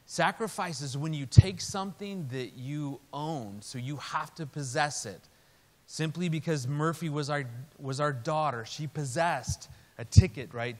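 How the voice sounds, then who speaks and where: A man telling a family story in a sermon, acting out the voices of the people in it. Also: medium pitch. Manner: animated storyteller, acts out quotes. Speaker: speaker. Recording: hall reverb.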